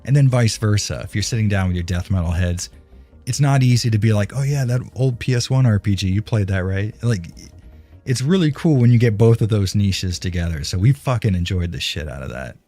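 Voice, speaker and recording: This streamer's voice sits on the low side, warm and expressive, and he talks a little fast as soft music plays. He's at his home setup, close on a dynamic broadcast mic, casually rambling and cursing freely while responding to chat.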